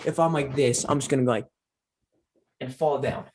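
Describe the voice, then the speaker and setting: A young man from Canada, a podcast co-host, telling stories in a casual, animated way with lots of "like" fillers. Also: medium pitch, normal speed, a crowd in the background. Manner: animated storyteller, acts out quoted voices, many fillers. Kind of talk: casual storytelling chat.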